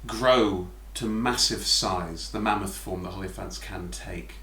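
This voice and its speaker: A British man running a tabletop game as dungeon master, narrating scenes slowly and vividly between bursts of laughter. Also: low-pitched, a bit bright. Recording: roomy echo, faint background noise.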